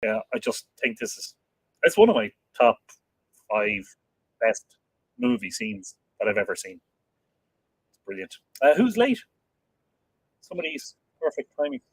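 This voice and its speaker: A man's voice: mid-range voice, sing-song, a little slow, pauses often, slightly rough, dry recording. A man with an Irish accent hosting a livestream, chatting casually and enthusiastically with viewers and laughing often. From Ireland. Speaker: livestream host. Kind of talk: casual livestream chat, reading viewer comments.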